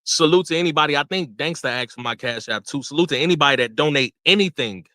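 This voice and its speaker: Man, young adult, livestream rant, bright, dry close mic. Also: on the high side, fast talker, no echo. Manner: animated, laughing, swearing, repeats himself. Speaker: livestream host.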